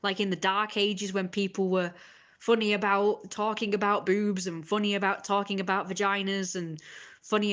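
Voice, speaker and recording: A woman's voice: medium pitch, a bit bright. A woman streamer in a casual, rambling rant, sarcastic and indignant, often breaking off to cough or laugh. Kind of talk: casual ranting monologue.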